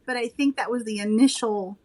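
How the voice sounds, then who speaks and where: A woman's voice: a little high, brisk, low-quality recording. Woman, author guest, enthusiastic, modest, thoughtful, casual chat.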